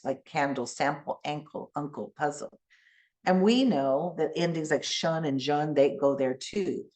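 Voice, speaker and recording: In an animated teacher voice, a bilingual woman, Spanish by first language, slowly models phonics sounds during a conference keynote that includes a classroom demonstration. Her pitch is on the low side.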